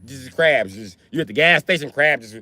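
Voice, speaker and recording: A man livestreaming from his truck, telling a profane, animated story and jumping into high voices to quote people. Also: moderate pace. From Illinois. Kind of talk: casual storytelling rant.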